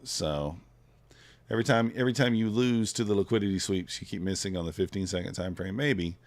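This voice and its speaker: A man's voice: sits low, a little fast. A man trading live on a stream, thinking aloud in a laid-back, casual way and chatting with his viewers. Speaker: futures trader streaming live.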